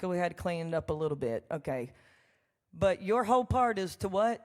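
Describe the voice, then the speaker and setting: A woman, a country songwriter telling folksy, animated stories during a live church concert. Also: on the low side, moderate pace. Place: church sanctuary. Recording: long hall reverb with faint music.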